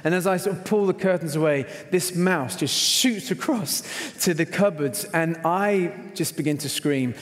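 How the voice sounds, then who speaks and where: A man's voice: fairly high pitch, moderate pace, few pauses. A middle-aged man, preaching at a conference and telling a story with lots of acted-out lines. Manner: animated storyteller, acts out quotes with shouts. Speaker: conference speaker. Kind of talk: sermon with a told story. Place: large performing arts hall. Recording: long hall reverb.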